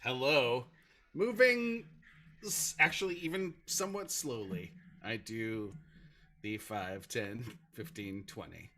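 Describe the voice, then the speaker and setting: A man playing in a casual tabletop game, full of animated, swearing banter. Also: mid-range voice, slow. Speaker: player.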